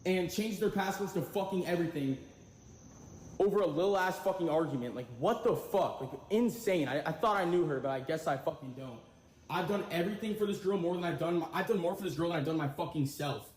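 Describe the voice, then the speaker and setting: A man's voice: fairly high pitch, fairly quick, a little mellow. A man in a streamed clip, ranting furiously and swearing constantly. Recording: echoey room with faint background noise.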